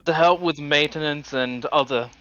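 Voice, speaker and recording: A man at the table describes his character's moves, pausing on fillers and restarting. His tone is bright and forward. The sound is dull and lo-fi, as if from a cheap microphone. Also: a little high, clean tone, no echo. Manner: hesitant, filler-heavy. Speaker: player. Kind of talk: playing a tabletop game.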